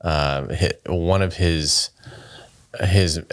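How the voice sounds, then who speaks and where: A man's voice: low voice, steady tone, extremely slow, dry recording. A man co-hosting a podcast in casual chat, listening and reflecting thoughtfully. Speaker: podcast co-host.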